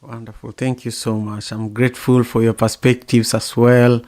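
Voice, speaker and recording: A man's voice: medium pitch, little pitch movement, normal speed, a little mellow. A man hosting a group discussion, graciously thanking speakers and passing the floor. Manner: gracious, polite. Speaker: host.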